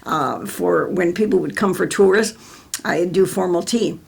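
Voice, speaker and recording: A woman's voice: lowish voice, a little slow, gravelly, slightly rough. An older American woman telling stories in an oral history interview, rambling with many restarts.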